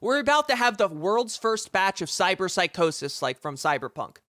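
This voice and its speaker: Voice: mid-range voice, sing-song, moderate pace, a bit bright, no room sound, studio quality. A streamer giving live commentary on news reporting, reading passages aloud and reacting with sarcastic, profane rants.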